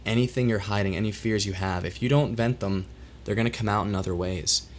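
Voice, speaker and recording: Guy on a solo livestream, voice kinda worn out and emotional, halting and reflective, keeps restarting his sentences. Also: on the low side, a little hiss or hum. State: voice worn, recovering from losing it. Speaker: livestream host. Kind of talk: solo livestream, candid talk to chat.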